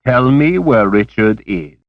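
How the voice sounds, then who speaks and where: Man voicing a slow, smug, cruel torturer. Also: mid-range voice, animated, dry recording, pitched above the performer's own voice. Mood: menacing. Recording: dull lo-fi cassette recording.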